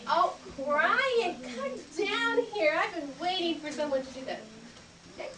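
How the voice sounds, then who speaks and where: A woman with a very high, expressive voice takes her time teaching a group of children their manners, demonstrating greetings and handshakes with upbeat, teacherly warmth. She's in a library program room, and the audio is echoey, distantly miked, and noisy.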